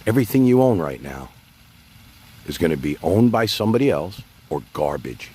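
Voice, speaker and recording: A man's voice: low-pitched, big pitch swings, moderate pace, warm tone, husky. A man hosting his own livestream, rambling casually and talking straight to his chat. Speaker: livestream host.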